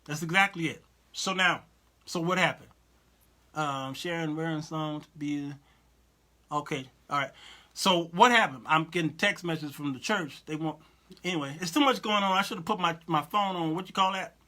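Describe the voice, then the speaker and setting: A man's voice: on the high side, moderate pace. A man hosting a Christian talk show, commenting casually, often repeating himself and checking that listeners follow him. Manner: animated, repetitive, asks listeners "you understand what I'm saying?"; reads and answers viewer comments aloud.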